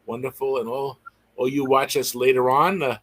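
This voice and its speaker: A man's voice: mid-range voice, steady tone, normal speed, a bit bright. Man, Bible study host, enthusiastic, affirming, casual discussion. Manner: enthusiastic, affirming, sounds out word rhythms.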